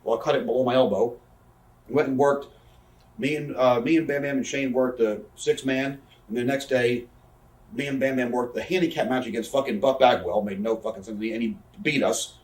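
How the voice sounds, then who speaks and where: Speaking at a medium pitch with fairly even, slightly mellow intonation, this thirtysomething man sits far back from the mic in an echoey room. He's a guest on a shoot interview, rattling off casual, profane stories and performing the lines of the people he quotes.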